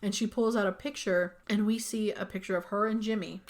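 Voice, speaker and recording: A young woman co-hosting a podcast, recapping a film's plot in a chatty, casual way full of "like" and quick asides. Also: medium pitch, fairly even intonation, slight background noise. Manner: chatty, peppered with "like". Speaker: podcast co-host.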